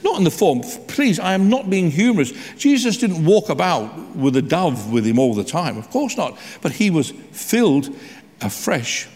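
Male pastor, animated and emphatic sermon delivery, large echoing church hall. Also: a little high. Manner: animated, emphatic preaching with slowed quoted scripture. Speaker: preacher.

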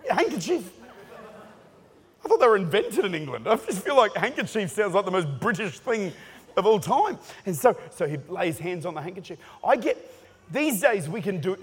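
Man, sermon, high voice, joking and shouting, long hall reverb. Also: breathy edge. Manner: animated, joking storytelling with bursts of shouting. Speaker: preacher.

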